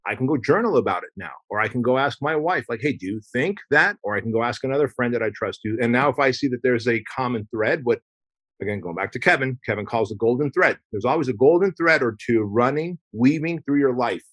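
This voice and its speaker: A man of ordinary pitch talking as a podcast guest, emphatic and loose, slipping into acted-out dialogue. The sound is close and dry, with no room around it. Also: quick pace, fairly bright tone, dry recording. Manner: emphatic, acts out quoted dialogue, casual swearing. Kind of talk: casual conversational interview.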